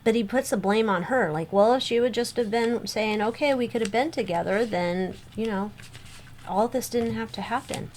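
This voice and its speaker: A woman's voice: a little high, moderate pace, a little mellow, a little hiss or hum. A woman giving a casual spoken tarot reading, rambling with lots of fillers and restarts. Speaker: tarot reader.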